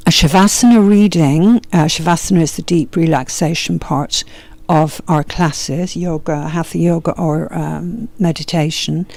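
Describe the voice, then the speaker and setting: A woman with a Yorkshire accent, a yoga teacher giving a gentle, meandering spiritual teaching talk. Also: low voice, no room sound.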